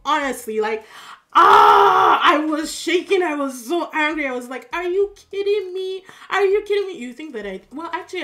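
A woman with a Yoruba-accented lilt talks through a drama episode in a loose, chatty recap. She sounds tired but stays expressive, with plenty of fillers and asides along the way. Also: on the high side. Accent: Yoruba-accented English. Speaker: drama reaction YouTuber. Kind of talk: casual recap.

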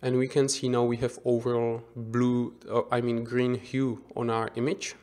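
A man giving an unscripted software tutorial as instructor, thinking aloud with frequent restarts and self-corrections. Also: medium pitch, flat delivery, normal speed. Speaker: 3D visualization instructor.

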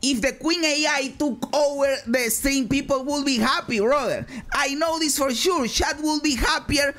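A woman's voice: high-pitched, moderate pace, a bit bright. A woman reacting to clips in scripted commentary, emphatic and calling everyone "brother". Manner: says "brother" constantly, emphatic. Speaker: video commentator.

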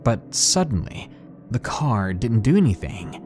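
Male horror narrator: slow, hushed, dramatic read with a lively, rising and falling pitch over soft background music. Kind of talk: scripted horror story narration. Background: faint background music.

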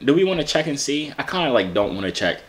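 A man's voice: medium pitch, sing-song, fast, a bit bright. Joking young man vlogging, playful slang. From Arizona, USA. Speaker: YouTuber. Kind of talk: casual vlog commentary.

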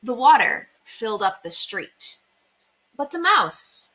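A woman teacher reading a children's picture book aloud with slow, expressive storytelling. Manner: slow, expressive storytelling with big pitch swings. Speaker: elementary school teacher.

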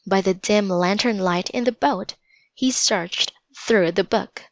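A woman reading a children's chapter book aloud in a slow, steady manner. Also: mid-range voice, no room sound, highs cut off. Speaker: storybook reader.

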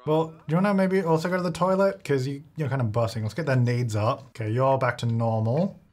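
A man's voice: medium pitch, brisk, darkish tone. A young man giving casual, joking commentary as he plays a life-sim game and talks to its characters. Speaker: gaming YouTuber.

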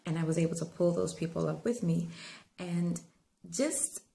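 A woman's voice: on the low side, normal speed, creaky, warm tone, a little hiss or hum. A woman talking earnestly to her viewers, telling a dream and giving faith-based encouragement in a conversational way. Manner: earnest, conversational, with frequent fillers; rising to fervent preaching tone. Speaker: inspirational vlogger.

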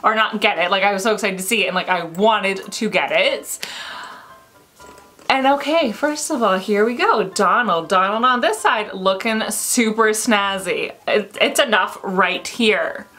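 Gushing, bright-voiced woman vlogger. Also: medium pitch, measured pace. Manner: gushing and excitable, squeals with delight. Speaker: unboxing vlogger. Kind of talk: casual unboxing chat to viewers.

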